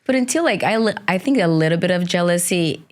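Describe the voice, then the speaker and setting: This is a woman with a Brazilian accent chatting on a podcast. Her voice sits low in pitch. She talks casually and tells stories in loose, nonstandard English. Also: fast. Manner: animated storyteller with loose, nonstandard English grammar. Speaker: podcast co-host. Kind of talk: casual chat.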